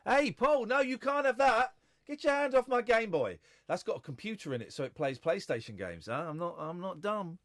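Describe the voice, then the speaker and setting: A shrill bratty little boy. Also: brisk, hardly any pauses, no echo, studio quality. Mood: squealing. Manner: shrill, excitable, defensive. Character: dim, boastful young boy guarding his toy.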